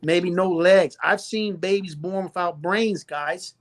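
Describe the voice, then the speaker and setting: A man's voice: sits high, slow. Emphatic Southern man lecturing. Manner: emphatic, lecturing, repeats points for stress. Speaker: doctor guest. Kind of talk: live-stream interview.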